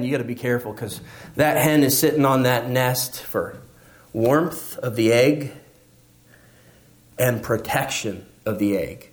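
A middle-aged man preaching a sermon in a lively, conversational way, swinging up and down in pitch for emphasis. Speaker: pastor.

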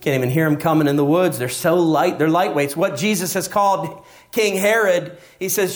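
A middle-aged man preaching a sermon in a lively, conversational way, swinging up and down in pitch for emphasis. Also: unhurried. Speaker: pastor.

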